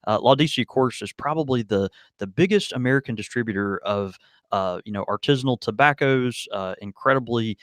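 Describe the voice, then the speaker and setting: A man's voice: medium pitch, a little fast, a bit bright, no room sound, clean studio sound. A man co-hosting a podcast in an easygoing, enthusiastic way, with hesitant uhs. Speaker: podcast co-host. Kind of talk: casual chat.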